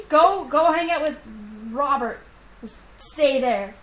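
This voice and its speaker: A woman's voice: high voice, animated, slow pace, roomy sound, a little hiss or hum, low-quality recording. A woman playing a tabletop role-playing game, talking bluntly and irreverently. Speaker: player.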